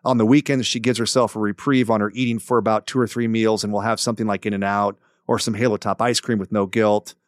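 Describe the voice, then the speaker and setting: A man hosting a podcast, reading a listener letter aloud with relaxed, joking asides. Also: on the low side, fast talker, hardly any pauses, dry recording, studio quality. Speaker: podcast host.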